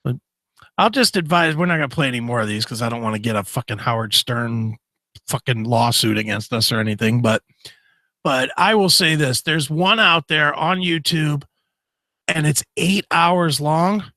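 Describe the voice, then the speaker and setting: A man's voice: fairly high pitch, normal speed, bright, forceful tone, no room sound. A man co-hosting a casual radio show, crude and joking, riffing with his partner. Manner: crude, joking, does mocking impressions.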